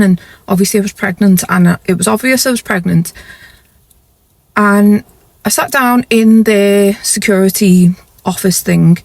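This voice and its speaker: Woman, 30s, confessional vlogger, mid pitch, dry close recording. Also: a little mellow, dry recording. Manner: rambling, self-correcting, confessional. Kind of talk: casual storytelling to camera.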